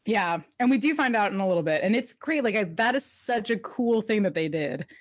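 A woman's voice: medium pitch, fairly quick, no room sound, clean studio sound. A woman co-hosting a casual chat, recapping a TV episode, laughing often and acting out the characters' lines. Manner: chatty, laughs often, animated quoting of characters. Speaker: podcast co-host recapping a TV episode.

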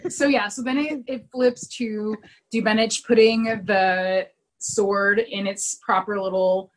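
A woman co-hosting a podcast in casual chat, retelling a TV episode with animated storytelling. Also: mid-range voice, slow pace, rough recording. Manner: animated storytelling, acts out characters' lines. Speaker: podcast co-host recapping a TV episode.

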